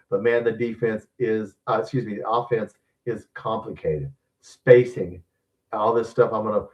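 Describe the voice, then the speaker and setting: Grumbling sixty-something man with drawl. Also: lowish voice. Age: 60s. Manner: blunt and grumbling, swears casually. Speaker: host of a sports channel live stream. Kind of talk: casual live stream chat, reading viewer comments. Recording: dull distant mic sound.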